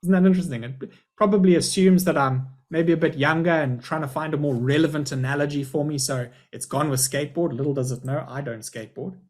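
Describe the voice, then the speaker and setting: A man's voice: on the high side, fairly quick, few pauses, a little mellow. A middle-aged man, a school principal, giving a chatty, upbeat live webinar presentation over a video call.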